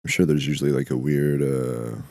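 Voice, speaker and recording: A man hosting a podcast, delivering a dry, deadpan, profane comedic monologue. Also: rumbling low, normal speed, vocal fry, no echo. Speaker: podcast host.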